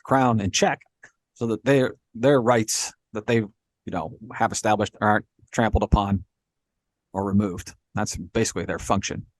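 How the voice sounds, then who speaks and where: A man co-hosting a podcast, explaining history in a relaxed, conversational way and checking in with "right?" often. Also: fairly low pitch, moderate pace, no echo. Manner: explains with frequent "right?" and "you know". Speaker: podcast co-host. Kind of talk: casual explanatory chat.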